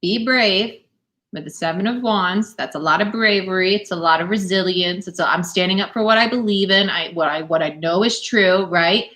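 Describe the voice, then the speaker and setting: A young adult woman giving a live-stream tarot reading from home, animated and encouraging, often laughing as she talks. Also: medium pitch, moderate pace. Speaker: tarot reader. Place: home, dog nearby.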